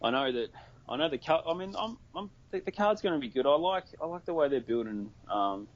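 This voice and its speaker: A man's voice: expressive, brisk. A man with an Australian accent, chatting casually as a podcast guest, swearing freely and joking. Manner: profane, jokey, mocks accents in high bursts. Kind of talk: casual chat. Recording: dull lo-fi audio.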